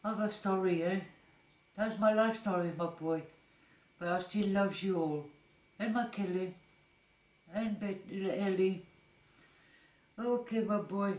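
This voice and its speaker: An older woman, a mother, telling family memories with lively laughter and restarts, recorded at home for her sons. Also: medium pitch, slow, long pauses. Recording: roomy, distant, faint background hiss.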